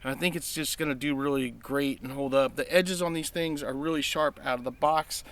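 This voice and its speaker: A man's voice: medium pitch, fairly even intonation, a little fast, fairly bright tone, a little hiss or hum. A man in a casual unboxing vlog, talking eagerly with many ums, restarts and repeated praise as he shows his collection. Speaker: knife collector reviewing his purchases.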